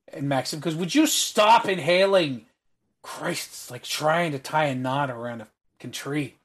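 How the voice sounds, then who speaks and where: A man with an everyday mid-pitched voice runs a tabletop game as its game master. He narrates the scene and drops low and quiet when he voices the characters.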